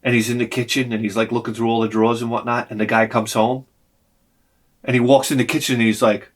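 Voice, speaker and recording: A man's voice: medium pitch, quick pace. A man telling a long story as a vlogger in a casual, exasperated rant full of swearing. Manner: animated, profane, exasperated.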